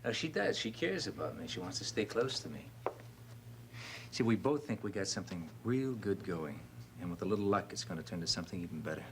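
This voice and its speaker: An earnest, heartfelt widower in a soap opera. His voice is fairly low and reflective, with a faint hiss under it. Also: expressive, fairly quick.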